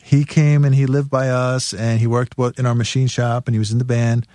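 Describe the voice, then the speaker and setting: A man spins tour anecdotes in a loose, profane way, laughing as he goes. His voice sits at an ordinary middle pitch and comes across dry and close, with no room sound. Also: fairly quick, no echo. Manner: profane, laughing, animated storyteller. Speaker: guest musician. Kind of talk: casual storytelling interview.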